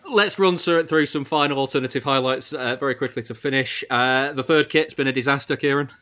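A man with a bright, tense voice steering a casual podcast chat. He talks in halting bursts, full of restarts and fillers. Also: medium pitch. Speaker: podcast host.

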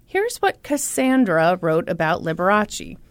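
A woman's voice: fairly low pitch, very animated, a little slow, clear, resonant tone, no room sound. A woman co-hosting a podcast in casual chat, joking bawdily at her own expense and swearing freely. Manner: bawdy, self-mocking, swears freely. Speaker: podcast co-host.

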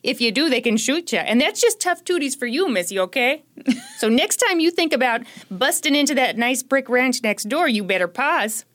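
A woman's voice: sits high, very animated, normal speed, fairly bright tone. A woman putting on a chirpy Minnesota scold. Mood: folksy scolding. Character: folksy Minnesotan woman lecturing on the law.

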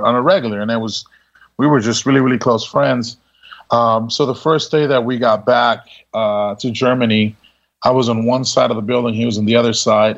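Gravelly-voiced veteran telling a story. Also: male voice, mid-range voice, muffled recording. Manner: laid-back, laughing, full of quoted dialogue. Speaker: military veteran guest. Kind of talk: casual storytelling interview.

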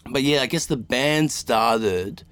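An Australian man in his thirties, a musician guest telling stories in a relaxed, rambling way with lots of fillers. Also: medium pitch, takes it slowly, clear, resonant tone, no echo. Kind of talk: casual podcast chat.

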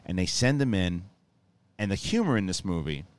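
A man hosting a casual film review, talking excitedly with profanity and many restarts. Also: low voice, normal speed.

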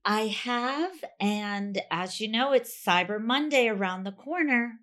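Chatty woman co-host, higher voice. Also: measured pace. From United States. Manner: chatty, reads ad copy in a bright upbeat way. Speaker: podcast co-host. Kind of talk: casual chat.

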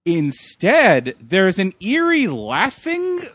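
A man's voice: high voice, slow, no room sound. A man co-hosting a casual movie podcast, retelling scenes with giggles and swearing. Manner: giggly, animated storyteller, profane. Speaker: podcast co-host. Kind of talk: casual movie-review chat.

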